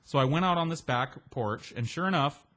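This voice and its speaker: A man's voice: on the high side, normal speed, a bit bright. A man telling a long, rambling personal story in casual speech, with restarts and swearing, slipping into other people's voices. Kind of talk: casual spoken anecdote.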